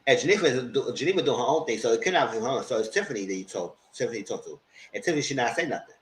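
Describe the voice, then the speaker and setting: A man hosting a casual live TV recap, animated, jumping into loud high-pitched quotes of the characters. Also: very fast, slight background noise. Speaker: TV review host. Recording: roomy echo.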